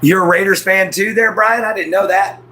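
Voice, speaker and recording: A man's voice: high voice, fairly even intonation, moderate pace, pushed and bright, a little hiss or hum, poor audio. A man hosting a casual home live stream, drawling and easygoing as he answers chat by name. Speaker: livestream host. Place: at home, moving to back porch.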